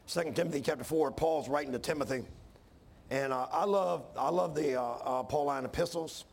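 Preacher guy, real gravelly voice, kinda high, gets worked up. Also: normal speed. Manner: folksy preaching, rising to fervent intensity. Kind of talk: sermon.

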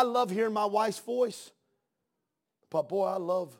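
Male preacher, high voice, sermon style, soft-to-loud fervent delivery, repeats words mid-build. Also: slow pace, long pauses. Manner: swings from soft hush to loud fervent outbursts. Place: church.

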